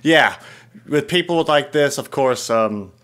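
A man's voice: mid-range voice, lively intonation, slow, a bit bright. A young man giving casual, mocking commentary on dating profiles, laughing often as he reads them out. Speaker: YouTuber reviewing dating profiles.

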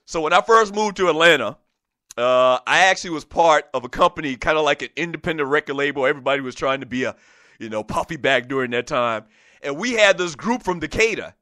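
A man from the South Carolina Lowcountry hosts a sports talk show. He speaks in a high, bright, forceful voice and rambles along with plenty of fillers. The recording is close and dry. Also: quick pace, no room sound. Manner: animated, rambling, with many fillers. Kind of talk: solo radio talk monologue.

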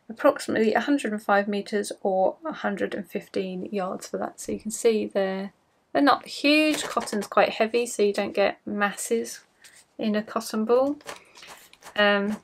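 A woman's voice: medium pitch, a bit bright. Lady babbling about yarn to her camera at home, chatty and self-mocking. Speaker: craft podcast host. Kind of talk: casual chat to camera.

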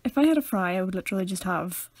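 A young Northern Irish woman co-hosting a podcast, teasing and often trailing off into a soft mumble. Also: medium pitch, lively intonation, racing, husky, no room sound. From Northern Ireland. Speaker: podcast co-host. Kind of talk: casual chat.

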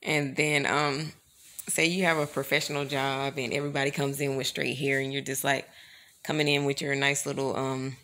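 A woman's voice: extremely low pitch, little pitch movement, normal speed, pushed and bright. A woman vlogger chatting casually to her camera, rambling and calling her viewers y'all.

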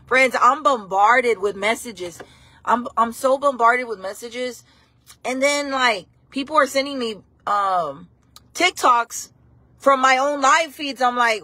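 A woman's voice: a little high, unhurried, sharp tone, dry recording. A woman hosting a casual live stream, chatting and rambling to her viewers, often repeating herself.

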